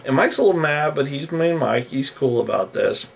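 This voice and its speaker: A man casually recapping a reality TV episode, rambling and animated, acting out what the cast said. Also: fairly high pitch, moderate pace, vocal fry, slightly rough, distant mic. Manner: rambling, animated, acts out cast members' lines.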